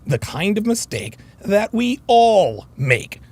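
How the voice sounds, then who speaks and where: A man talks straight to his viewers in a casual commentary monologue, swearing freely as he tells a story. His pitch climbs and dips a lot, and a gravelly rasp sits under it. He speaks a bit higher than most men. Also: slow. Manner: profane, storytelling, animated. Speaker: commentary host.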